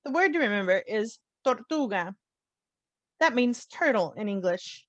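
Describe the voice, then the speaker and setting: A woman teaching a phonics lesson, slowly sounding out letters and repeating each word with care. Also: mid-range voice, expressive, dry recording. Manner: slow, carefully sounds out letters and words. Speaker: language teacher. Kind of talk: slow children's phonics lesson.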